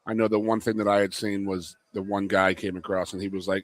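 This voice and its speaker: A man from the Philadelphia area, co-hosting a live talk show, telling stories in an animated way and laughing easily. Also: lowish voice, a little fast, hardly any pauses, no echo. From Philadelphia area, USA. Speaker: co-host. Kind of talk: casual sports talk show chat. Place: restaurant.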